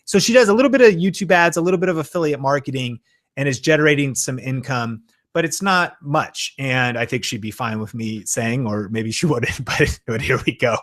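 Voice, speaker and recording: A man hosting a live-stream Q and A, talking with excitable enthusiasm and plenty of fillers. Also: mid-range voice, a little fast. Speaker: YouTube channel host.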